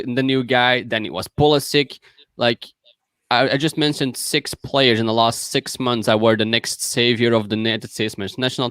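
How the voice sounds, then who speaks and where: A man's voice: mid-range voice, fairly bright tone, clear, resonant tone, no room sound. A man co-hosting a casual podcast, rambling through lists of names and sounding exasperated at the hype. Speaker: podcast co-host.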